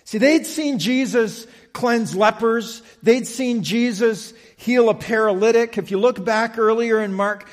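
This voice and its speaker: A man preaching a sermon, slow and emphatic, often checking in with the listeners. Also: very high-pitched, big-room sound. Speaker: pastor.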